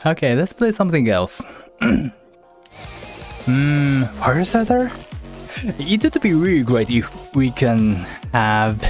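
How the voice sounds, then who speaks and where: A man chatting casually on a livestream, halting and repeating words as he teases his chat playfully. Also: mid-range voice, sing-song, soft background music. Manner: playful teasing.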